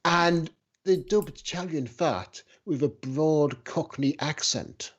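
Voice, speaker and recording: A man, telling an animated, emphatic story in casual podcast chat over a muffled remote line. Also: fairly high pitch, slow pace.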